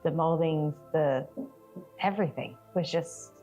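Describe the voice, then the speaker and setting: A woman's voice: sits low, a little slow, warm tone, faint music behind. An American woman co-hosting a casual travel chat, mostly agreeing and adding short remarks. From United States. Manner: agreeable, short affirmations, laughs along. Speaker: co-host.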